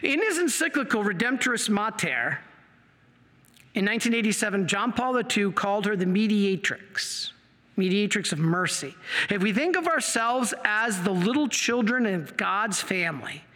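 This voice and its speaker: Lecturer, man, passionate and fired up, bright high voice, long hall echo. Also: lively intonation, normal speed. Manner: passionate, gets worked up. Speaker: Catholic apologetics speaker. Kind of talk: apologetics lecture with slides.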